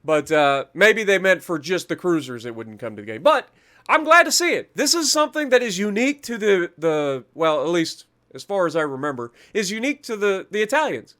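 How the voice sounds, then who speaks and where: A man's voice: high voice, sing-song, brisk, sharp tone. A man hosting a gaming channel, reading out patch notes in a chatty, self-mocking way, stumbling over foreign names and breaking into little rants. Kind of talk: casual patch-notes commentary.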